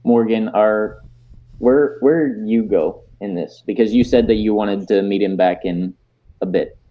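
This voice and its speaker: A man's voice: on the low side, measured pace. A man narrating a tabletop game as game master, often stopping and restarting his phrases. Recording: dull lo-fi sound.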